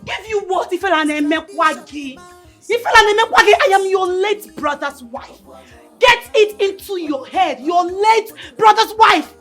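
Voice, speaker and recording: A woman's voice: very high voice, expressive, measured pace, a bit bright, faint music behind, full character voice. An actress with a Nigerian accent playing a young widow who firmly rejects her brother-in-law. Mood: defiant. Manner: indignant, firm.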